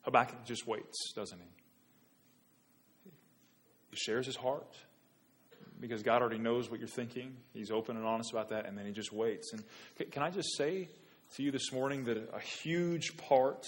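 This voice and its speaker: Man preaching, hushed then pleading loudly. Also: medium pitch, a little slow, pauses often. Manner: swings from hushed to loud, pleading rhetorical questions. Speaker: pastor. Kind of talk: sermon.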